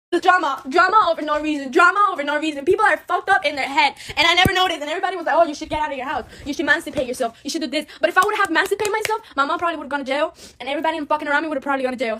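Very high-pitched, fast, upset young woman. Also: bright, forceful tone. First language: Spanish. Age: late teens. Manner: angry, profane, switching between Spanish and English. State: upset and agitated. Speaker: livestreamer. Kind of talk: emotional live-stream rant. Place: at home.

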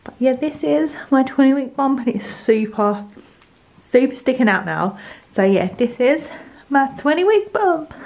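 A woman's voice: sits high, animated, a little slow, a little mellow. A young woman from the UK chatting casually in a home vlog, rambling with lots of fillers. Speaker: vlogger. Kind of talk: casual pregnancy update vlog.

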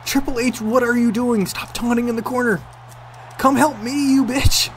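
A man commentating on his own gameplay, excitable, swearing and yelling at the game. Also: very high voice, normal speed, slight background noise. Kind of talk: let's play commentary.

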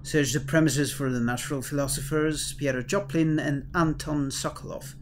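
A man's voice: a little high, lively intonation, normal speed, gravelly, slight background noise. A man voicing a stern, pompous male lord regent who gives cold orders, using a wavering put-on accent. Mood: commanding.

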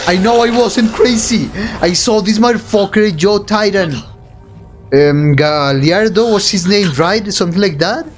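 A young man giving anime reaction commentary, excitable and emotional, swearing and often laughing while he talks. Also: high voice, measured pace, faint music behind. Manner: excitable and emotional, swearing, frequent laughter, calls the viewer bro.

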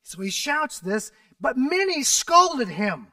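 A man preaching a sermon as pastor, animated and dramatic, rising to shouts and dropping to near whispers as he retells a story. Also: extremely high pitch, a little slow, hardly any pauses, no echo, recorded from a distance. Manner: animated, acts out scripture voices, drops to a near whisper at times.

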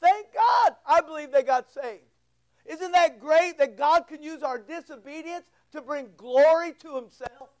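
A man's voice: extremely high pitch, a little slow, darkish tone, poor audio. A man preaching a fervent sermon from the pulpit, firing off rhetorical questions and pressing points home with emphatic repetition. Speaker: pastor.

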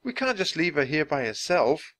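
A man reading aloud and voicing a cheerful, kind-hearted young girl with excited exclamations. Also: on the high side, normal speed, pitched above the performer's own voice. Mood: pleading.

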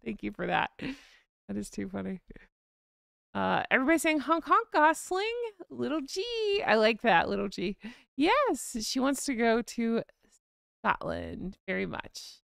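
A woman's voice: medium pitch, very animated, unhurried, vocal fry, pauses often, a bit bright, dry recording, clean studio sound. A woman hosting a casual livestream chat, bubbly and reading comments aloud. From United States. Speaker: livestream host.

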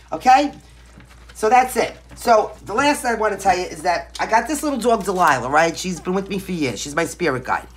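A woman's voice: medium pitch, a little hiss or hum. Brassy Brooklyn woman reading tarot. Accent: Brooklyn New York. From Brooklyn, New York. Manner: blunt, brassy and emphatic, with frequent "right?" and "okay?" tags. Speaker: tarot reader. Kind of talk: casual tarot reading to camera.

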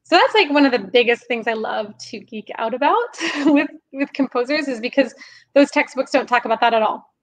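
A young woman with a high voice talks through her craft in a podcast interview. Her delivery is animated and explanatory, and she laughs easily as she goes. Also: a little fast, low-quality recording. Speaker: podcast guest, singer and composer. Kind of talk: conversational interview.

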